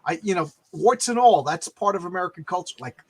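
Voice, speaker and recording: A man's voice: high-pitched, animated, fairly quick, husky. An older man hosting a casual chat, rambling with frequent stammering restarts. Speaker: podcast host.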